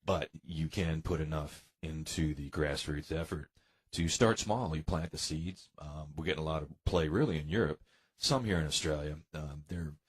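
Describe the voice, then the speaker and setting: An American man from New York, a guest musician chatting casually in an interview, relaxed with plenty of fillers and sighs. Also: rumbling low, slightly rough. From New York, United States.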